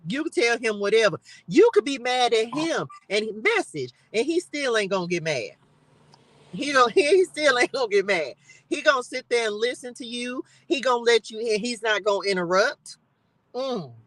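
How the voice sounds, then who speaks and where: A woman's voice: on the high side, animated, moderate pace, dry recording, low-quality recording. A woman hosting a live stream from her car, giving fervent, repetitive faith encouragement with bursts of laughter. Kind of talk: casual spiritual encouragement talk. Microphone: live-stream device mic.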